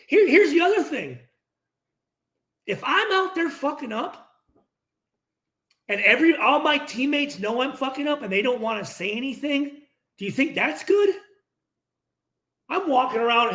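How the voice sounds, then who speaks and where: A man's voice: very high-pitched, normal speed, long pauses. A middle-aged man hosting a post-game reaction, ranting casually and profanely and acting out the dialogue himself. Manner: profane, animated, acts out dialogue. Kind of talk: casual unscripted rant. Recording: roomy echo.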